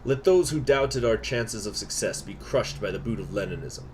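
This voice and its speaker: A man putting on a mock-Russian storyteller, reading aloud with theatrical weight. The voice is low, with a faint hum in the background. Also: animated, moderate pace, darkish tone, close to an everyday voice. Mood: dramatic. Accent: put-on Russian.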